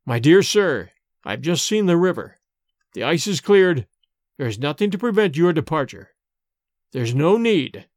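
A man's voice: a little high, sing-song, unhurried, dry recording, studio quality. A man doing a grim, furious family patriarch. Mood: calm, formal. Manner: firm, then shouting in fury. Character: stern grown male head of a family, grim.

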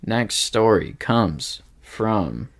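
Low gravelly Midwestern man. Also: lively intonation, very slow. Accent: Midwestern American. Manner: joking, swears freely. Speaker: podcast co-host reading a listener story. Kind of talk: casual podcast chat and story reading.

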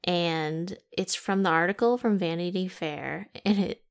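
A woman's voice: fairly low pitch, measured pace, vocal fry, clean tone. Chatty, sarcastic woman podcast co-host. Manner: chatty, laughs often between remarks; sarcastic, teasing. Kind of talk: casual podcast chat.

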